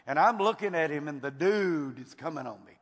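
A man's voice: on the high side, animated, brisk. An older man from Texas with a Texan accent, preaching a fervent sermon and often repeating his words. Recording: long hall reverb.

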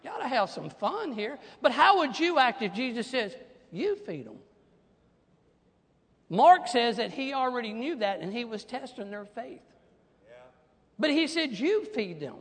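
A man preaching a sermon as pastor, animated, swinging from hushed asides to loud declarations. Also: very high voice, measured pace, in a large hall.

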